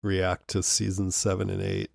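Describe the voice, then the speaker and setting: A man's voice: low-pitched, completely flat delivery, normal speed, creaky, dry recording. A man hosting a podcast in casual chat, reading listener emails aloud and laughing often. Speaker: podcast host.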